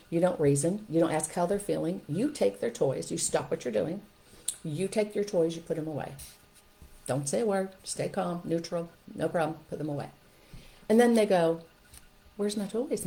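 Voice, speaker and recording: An older woman, a grandmother, giving firm parenting advice in an animated way and acting out what parents and children say. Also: fairly low pitch, normal speed, vocal fry. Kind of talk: instructional talk to camera.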